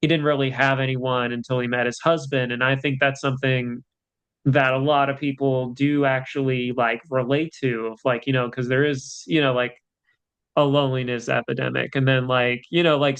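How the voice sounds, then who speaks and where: A man's voice: medium pitch, flat delivery, normal speed, a bit bright, clean tone. A man co-hosting a podcast in casual chat, rambling with lots of fillers. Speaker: podcast co-host.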